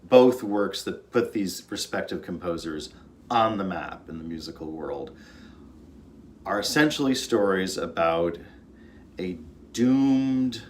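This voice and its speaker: Man, conductor, fairly low voice, earnest storyteller, informal music talk. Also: lively intonation, slow pace, slight background noise. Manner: earnest, storytelling, with fillers and restarts. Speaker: orchestra conductor.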